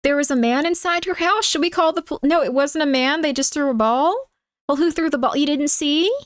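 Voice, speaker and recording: Brief: a woman playing a patient, motherly relative on the phone, soft and reassuring, a bit raised. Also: high-pitched, a little fast, no room sound, studio quality, voice pushed up, natural voice. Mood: soothing. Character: soothing older relative on the phone.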